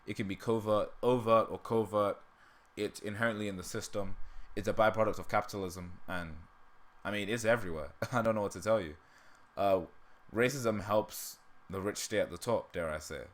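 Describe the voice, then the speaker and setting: A man hosting a casual livestream laughs often and jokes at his own expense, his throat sounding dry. He speaks at a moderate pace in a fairly low voice.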